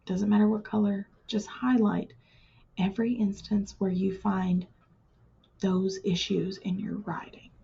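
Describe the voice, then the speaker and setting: Husky-voiced woman teaching writing, lo-fi. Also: medium pitch, little pitch movement, dark tone. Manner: patient, plain-spoken explaining, with drawn-out emphasis. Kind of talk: recorded classroom lesson.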